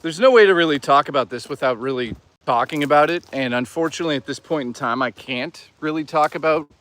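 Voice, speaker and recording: A man talking casually to his live chat while walking outdoors in the woods, excitable, joking and swearing a lot. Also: on the high side, quick pace. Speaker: live streamer. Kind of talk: casual live-stream chatter.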